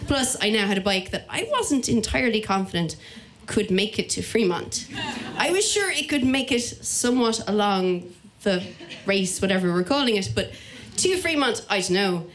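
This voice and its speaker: An Irish woman telling a comic personal story live, animated and acting out the voices of the people in it. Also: mid-range voice, normal speed. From Ireland.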